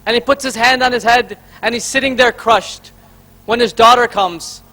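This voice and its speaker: This convention speaker from Karnataka, India has an extremely high pitch, fairly even intonation, a moderate pace and a sharp tone. Standing on the hall's stage, he shares a story before laying out numbered points, calling his listeners friends in a rhetorical style.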